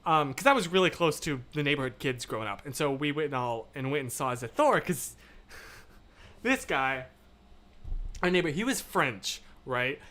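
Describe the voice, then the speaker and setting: Stream host, male, casual, rambling, animated; voice sits a bit high and moves around a lot. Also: moderate pace. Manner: animated, rambling, shifts between loud and hushed. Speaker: livestream host. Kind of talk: casual chat reading viewer comments.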